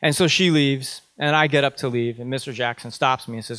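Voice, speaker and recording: A man's voice: medium pitch, steady tone, fast, few pauses, fairly bright tone, dry recording. A man in his thirties giving a conference talk, telling a personal story conversationally with frequent ums and restarts. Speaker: conference speaker.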